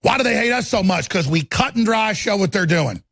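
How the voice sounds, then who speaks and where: A man hosting a talk radio show, ranting angrily and emphatically, pitching products between tirades. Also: animated, fairly quick, vocal fry, fairly bright tone, dry recording, clean studio sound. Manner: angry, emphatic, repetitive ranting.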